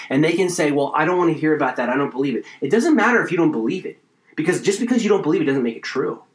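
A man's voice: a little high, roomy sound. A man preaching a sermon, reading scripture aloud and explaining it with growing fervor. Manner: expository preaching, reads scripture then explains, builds to fervor. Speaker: pastor.

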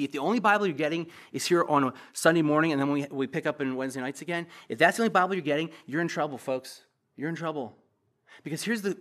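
A middle-aged man preaching a sermon as a pastor in a church, passionate, with loud emphatic bursts and quiet asides. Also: fairly high pitch.

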